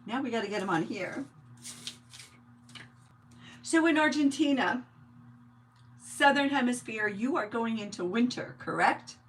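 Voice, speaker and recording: A woman's voice: a little high, lively intonation, measured pace, long pauses, slight background noise. A woman from New York hosting a live craft stream, chatting casually with viewers and greeting them by name while she works. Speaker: craft livestream host.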